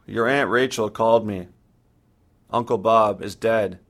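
A distraught middle-aged mother on the phone, her voice tearful and pleading, as a man puts her on. She sits a little higher than his usual low register and hurries her words. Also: measured pace, fairly bright tone.

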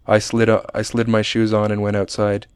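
Man reading his memoir out loud, low voice, pretty flat, smooth and dry. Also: no room sound. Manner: measured, plain, understated reading. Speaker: narrator. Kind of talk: reading a personal memoir aloud.

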